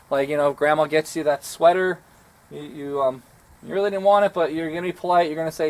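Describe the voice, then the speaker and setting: High-pitched guy teaching martial arts stuff outside, rambly and jokey. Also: quick pace. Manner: folksy, rambling, self-deprecating. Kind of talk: casual instructional talk. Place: outdoors.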